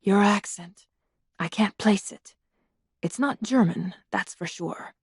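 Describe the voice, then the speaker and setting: A husky masked woman fighter talks blunt and guarded, low and short with strangers, as a narrator puts her on for a storybook. The sound is dry and close. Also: takes it slowly, dry recording, heavily acted. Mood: wary.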